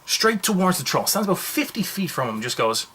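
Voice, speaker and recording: A man giving a casual, jokey movie review, telling the story in a rambling, animated way. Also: high-pitched, brisk, slight background noise.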